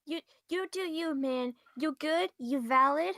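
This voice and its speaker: Woman, high and unhurried, dry close sound, joking tabletop player doing the recap. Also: bright, forceful tone, dry recording. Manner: laid-back, playful, jokey. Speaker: player giving the session recap. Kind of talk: casual tabletop game chat.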